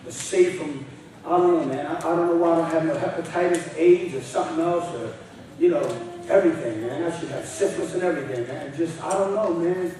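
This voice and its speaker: A man preaching a revival sermon in street slang, often shouting his points. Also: fairly high pitch, fairly quick, a little hiss or hum. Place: church sanctuary. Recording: echoey hall, distant mic.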